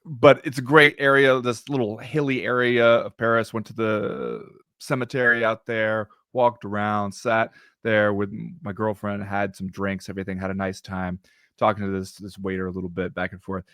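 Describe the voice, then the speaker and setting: Male podcast co-host, lively American storyteller, dry close studio sound. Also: lowish voice, normal speed, no echo. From United States. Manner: animated storyteller, swears casually. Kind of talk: casual chat.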